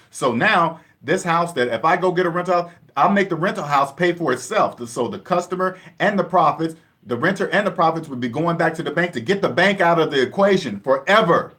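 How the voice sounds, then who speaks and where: Man, emphatic repetitive lecturer, casual vlog delivery, slightly raised pitch. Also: a bit bright. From Seattle area, USA. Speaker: personal finance vlogger. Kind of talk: casual monologue to camera.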